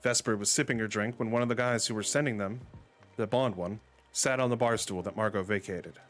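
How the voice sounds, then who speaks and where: A man reading an amateur story aloud, with casual, deadpan asides. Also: fairly low pitch, a little fast, soft background music.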